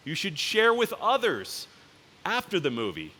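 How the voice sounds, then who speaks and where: The CEO's voice is high-pitched, swinging hugely in pitch, bright and forceful. His keynote in the large conference hall, whose reverb is audible, is casual and full of anecdotes, with characters acted out in rapid voices.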